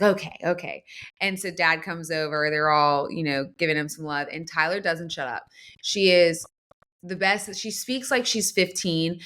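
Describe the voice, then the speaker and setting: A woman in her thirties hosting a casual talk show, telling a story in an animated way, acting out quotes and laughing often. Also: lowish voice. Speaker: podcast host.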